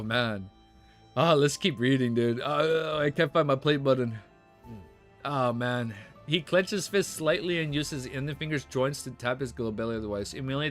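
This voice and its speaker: A young man on a live stream, reading a novel aloud and breaking off for excited, swear-filled chat. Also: mid-range voice. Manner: reads quickly then breaks into excited swearing reactions.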